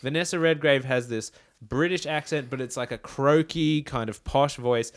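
A man's voice: mid-range voice, normal speed. Chatty man retelling a story. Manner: chatty, retelling a plot with lots of "like". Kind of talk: casual chat.

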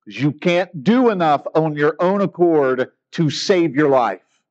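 A man's voice: fairly high pitch, animated, measured pace, darkish tone, lo-fi sound. A man preaching a sermon in an earnest, emphatic way, asking rhetorical questions. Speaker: pastor.

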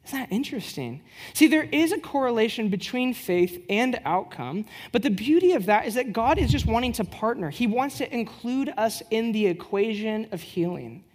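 A woman giving a casual teaching talk at church, conversational with rhetorical questions and lively storytelling. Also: on the high side, moderate pace, hardly any pauses, slightly rough. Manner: lively storyteller who acts out quoted dialogue.

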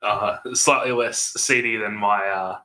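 A man's voice: fairly low pitch, fairly even intonation, unhurried, sharp tone. A man talking as a podcast guest, hesitant with many restarts. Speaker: podcast co-host. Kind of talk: casual chat.

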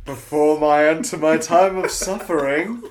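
A man's voice: on the high side, a little slow, a little hiss or hum, voice pushed up, lightly acted. A man putting on a mysterious, solemn tenor voice for a teacher at supper, half laughing as he does it. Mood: mock-solemn.

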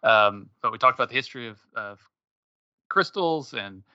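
A man's voice: mid-range voice, animated, moderate pace, bright, forceful tone, no echo. A man co-hosting a casual geek podcast, rambling with frequent fillers and laughs. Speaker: podcast co-host. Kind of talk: casual chat. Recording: slightly dull lo-fi sound.

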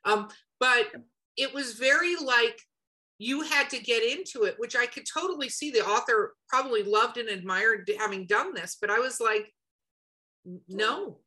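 A woman with a bright, forceful voice and a slightly raised pitch, chatting casually as a podcast co-host. She talks in an animated way, often acting out quick quotes. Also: low-quality recording. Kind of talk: casual chat.

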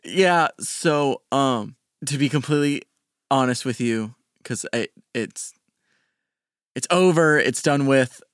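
A man playing in a tabletop role-play game, talking in a halting, hesitant way with many fillers. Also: medium pitch, clear, resonant tone, no room sound, clean studio sound. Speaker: player.

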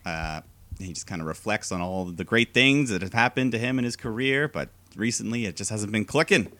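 Male podcast co-host, low voice, easygoing recap delivery, dry sound. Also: fairly quick, sharp tone, dry recording. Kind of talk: casual chat recapping wrestling.

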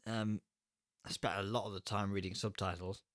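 A man's voice: on the low side, level tone, normal speed, fairly bright tone, no echo, clean studio sound. A man co-hosting a casual film review podcast, laid-back and often laughing. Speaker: podcast co-host.

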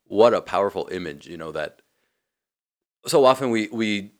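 Deep-voiced male podcast co-host. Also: animated, moderate pace. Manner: reflective, leans heavily on "you know". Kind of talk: casual podcast chat.

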